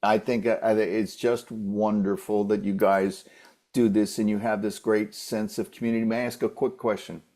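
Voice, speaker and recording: A man talking as a guest voice-over coach, giving casual advice in an animated way that acts out quoted voices. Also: lowish voice, moderate pace.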